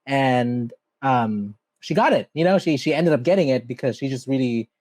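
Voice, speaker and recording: A man's voice: mid-range voice, lively intonation, moderate pace, darkish tone, dry recording. A man hosting a podcast, chatty and upbeat, talking casually with many fillers. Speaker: podcast host. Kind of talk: casual interview chat.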